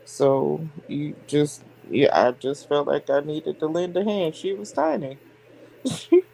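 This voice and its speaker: Low, gravelly-voiced middle-aged woman chatting. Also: a little slow, dark tone, slight background noise, rough recording. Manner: chatty and candid, laughing between lines. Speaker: stream host, hairdresser. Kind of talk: casual chat on a livestream.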